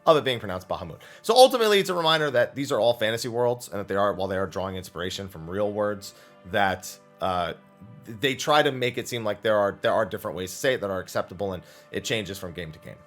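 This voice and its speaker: A man's voice: on the low side, expressive, quick pace, a bit bright, soft background music. A man hosting a weekly Q&A show, answering viewer questions in an enthusiastic, explanatory way, with long run-on thoughts. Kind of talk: casual Q&A explanation.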